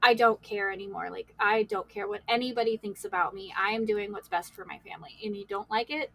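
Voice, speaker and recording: A woman's voice: mid-range voice, fairly even intonation, fairly quick, gravelly, rough recording. A woman guest on a podcast, candidly telling her life story in a rambling way, with many "like"s and laughs. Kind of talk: emotional personal storytelling.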